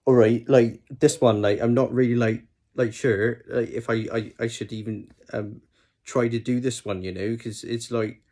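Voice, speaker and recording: A man doing a quiet, hesitant Bristol bloke. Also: mid-range voice, steady tone, moderate pace, close to an everyday voice. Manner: soft-spoken, says "like" constantly. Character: mumbling Bristol man, unsure, filler-heavy.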